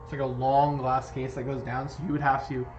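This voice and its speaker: A man narrating as game master of a tabletop game, quick and offhand. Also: medium pitch, level tone, roomy sound, highs cut off, faint music behind.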